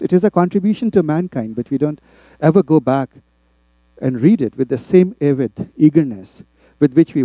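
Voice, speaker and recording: Man lecturing a class, lively pitch. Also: no echo, dull audio. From India. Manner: rhetorical tag questions, addresses the class. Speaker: instructor.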